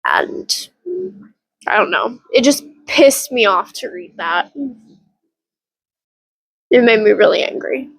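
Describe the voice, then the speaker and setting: A woman's voice: medium pitch, expressive, measured pace, pauses often, slightly rough, no room sound, low-quality recording. A woman giving a casual reading update as a book vlogger, chatty and rambling, with frequent laughs and some swearing.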